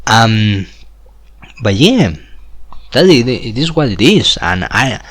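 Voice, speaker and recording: A man's voice: medium pitch, sing-song, takes it slowly, fairly bright tone. A man in his twenties talking in a rambling monologue, repeating "like" and chuckling between phrases. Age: 20s.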